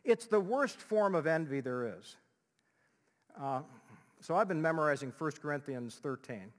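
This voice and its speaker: A male pastor preaching a sermon in an animated way, dropping to a hush and rising loud again. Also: a little high, moderate pace. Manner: animated, swings from loud to hushed, acts out quotes. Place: church sanctuary. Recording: long reverb of a church hall.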